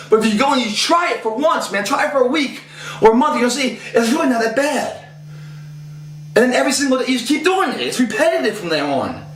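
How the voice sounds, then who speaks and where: A man's voice: very high-pitched, sing-song, brisk, a bit bright, reverberant. A man in his thirties giving a casual motivational fitness talk, intense and profane, rambling, his voice rising when he gets fired up.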